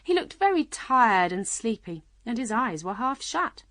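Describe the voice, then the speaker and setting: A woman narrating a children's storybook audiobook in a clear, measured reading. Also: fairly high pitch, big pitch swings, fairly bright tone, no room sound.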